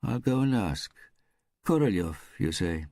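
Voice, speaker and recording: A man's voice: lowish voice, lively intonation, measured pace, mellow, no echo, studio quality, voice pushed up. A man voicing a thin, wary woman of about sixty who answers the door curtly.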